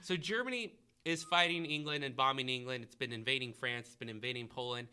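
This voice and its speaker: Man, history teacher, podcast host, very bright, encouraging, questioning. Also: medium pitch, brisk, clear, resonant tone. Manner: questioning, encouraging, thinking aloud. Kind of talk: classroom review podcast, quizzing a student.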